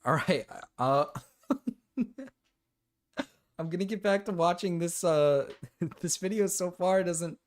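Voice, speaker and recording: Male streamer, slightly high voice, crude, rambling and laughing. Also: slow, long pauses. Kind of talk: casual livestream reaction chat.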